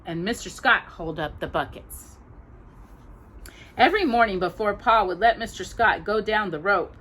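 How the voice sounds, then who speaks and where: Woman reading a storybook aloud, expressive, bright voice, lots of ups and downs. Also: medium pitch. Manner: gentle and expressive, pausing for coughs. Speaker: storytime host. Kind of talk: reading aloud a children's novel.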